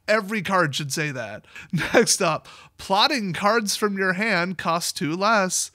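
Man, high bright voice, excitable chatty commentary, dry close sound. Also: slow pace, dry recording. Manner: excitable, chatty, laughs often. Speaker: card game commentator. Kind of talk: casual commentary reading previews.

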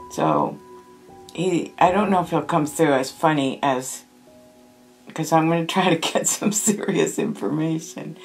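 A woman medium speaking in a low, gravelly voice, taking her time over each phrase. She talks in a hushed, thoughtful way through her meditation session. Faint music sits under her voice. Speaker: spirit medium.

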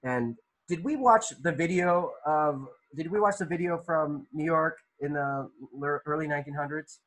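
A man's voice: fairly high pitch, normal speed, a bit bright, low-quality recording. A male art teacher leading an online class discussion, asking students questions by name, with loose, restart-filled phrasing. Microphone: video call.

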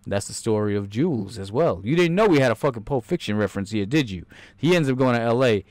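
Man, podcast host, rambling profane movie riff, middle pitch, dry close mic. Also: expressive, quick pace, darkish tone, no room sound. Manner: rambling, swearing, acting out characters in high voices.

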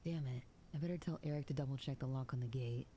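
A woman voicing a young theater worker in a horror game, blunt and no-nonsense, with a flat, mellow delivery. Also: rumbling low, quick pace, slightly rough, no echo. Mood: annoyed.

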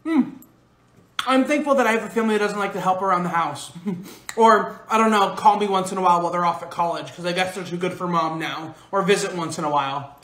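Guy with a high voice rattling off snarky skit lines, super fast and blunt. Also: pushed and bright. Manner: sarcastic, blunt, swears a lot. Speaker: comedy skit creator. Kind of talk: POV comedy skits.

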